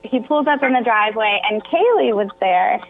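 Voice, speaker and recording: A woman's voice: fairly high pitch, animated, normal speed, gravelly. A woman guest on a radio interview, telling a personal story with emotion that sometimes breaks into tears. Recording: tinny phone line.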